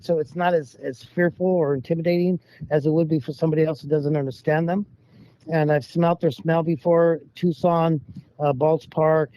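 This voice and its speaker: A man telling personal stories in a rambling, casual way, acting out the voices of the people he quotes. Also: on the high side. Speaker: guest storyteller. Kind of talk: casual storytelling. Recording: dull lo-fi sound.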